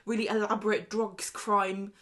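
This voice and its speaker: A woman's voice: mid-range voice, flat delivery, normal speed, fairly bright tone. A woman co-hosting a podcast in casual chat, retelling scenes and acting out the characters' lines. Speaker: podcast co-host. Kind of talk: casual chat recapping a soap.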